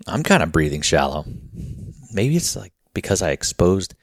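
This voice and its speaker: A man talks through a casual podcast monologue, wandering from thought to thought with plenty of filler words. He sounds a little short of breath, and his voice sits a touch low. The recording is dry and close, with no room sound. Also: big pitch swings, normal speed, no room sound. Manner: rambling, frequent filler words. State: slightly out of breath. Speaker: podcast host.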